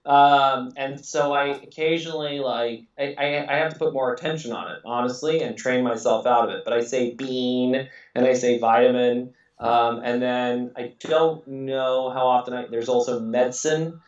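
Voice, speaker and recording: A man's voice: mid-range voice, steady tone, normal speed, few pauses. Man, casual podcast host, rambling, lots of fillers, distant mic, roomy echo, muffled audio. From England. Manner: rambling, many fillers and restarts, laughs often. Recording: echoey room, distant mic, dull audio.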